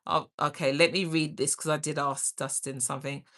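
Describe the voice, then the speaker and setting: A woman's voice: low voice, flat delivery, a little fast, a bit bright. A middle-aged woman hosting a livestream, chatting energetically and caringly while reading out viewer comments. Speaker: livestream host.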